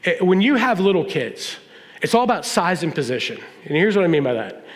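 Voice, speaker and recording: In a large hall with a long reverb, a middle-aged pastor preaches a funny, story-driven sermon, acting out family dialogue. His voice is high, sing-song and brisk.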